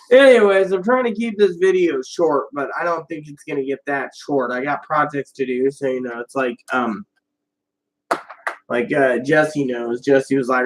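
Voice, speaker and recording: A man's voice: fairly high pitch, low-quality recording. A man talking casually to camera in a personal vlog, rambling and profane, with many fillers. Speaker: vlogger.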